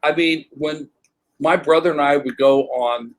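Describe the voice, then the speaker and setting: An older man, an interview guest on a remote call, telling animated stories and acting out other people's voices. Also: a little high, a little slow, rough recording. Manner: animated, acts out voices in anecdotes. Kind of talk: casual storytelling.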